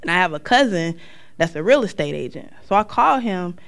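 With a fairly low, creaky voice and a brisk delivery, a woman from North Carolina recounts a personal testimony, vividly acting out what the people in her story said.

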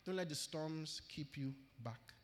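A man's voice: on the high side, a little slow, a little hiss or hum. A man with a Nigerian English accent preaching an earnest sermon to his church and repeating key phrases for emphasis. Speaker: pastor. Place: church hall. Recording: long church hall reverb.

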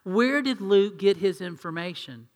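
A man's voice: high voice, animated, unhurried. A male pastor preaching a sermon in a conversational way, asking the congregation questions and acting out quotes. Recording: long reverb of a large hall.

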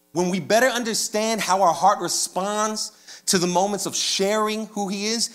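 A man preaching a sermon in a loose, conversational way, with casual slang and lively swings in energy. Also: high-pitched. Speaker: pastor.

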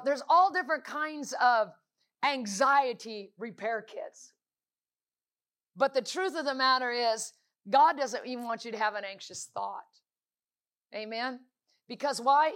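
A woman delivers a sermon in a high, bright voice. She speaks emphatically, hammering points home through repetition. She keeps asking rhetorical questions of the congregation. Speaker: preacher.

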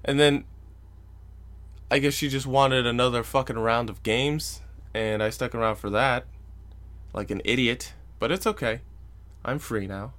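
A man's voice: medium pitch, measured pace, a bit bright. A young man hosting a solo podcast, telling a story in an exasperated, profane way and mocking the people he quotes. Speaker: podcast host. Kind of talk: casual solo podcast rant.

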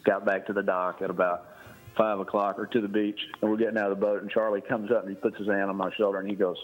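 A man's voice: fairly low pitch, level tone, quick pace, faint music behind, rough recording. A man casually telling a long fishing anecdote on a podcast, laughing as he rambles. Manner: rambling, laughing storyteller with restarts. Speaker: guest storyteller.

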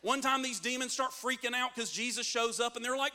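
A man's voice: very high voice, a little fast, few pauses, pushed and bright. A man preaching a sermon as a pastor, reading scripture and building in intensity with call-and-response.

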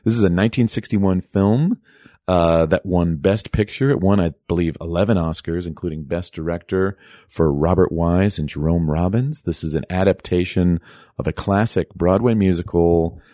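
A man co-hosting a podcast in casual chat, playful and quick to laugh. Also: low-pitched, dark tone, no room sound, clean studio sound. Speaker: podcast co-host.

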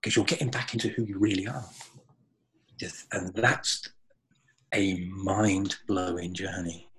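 A man's voice: low voice, steady tone, measured pace, fairly bright tone, slight background noise, rough recording. A man talking earnestly and reflectively in a spiritual conversation on a podcast.

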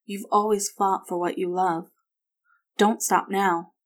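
A woman voicing a caring grandmother who speaks softly and reassuringly. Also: medium pitch, steady tone, slow pace. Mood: cheerful. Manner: soft-spoken, reassuring.

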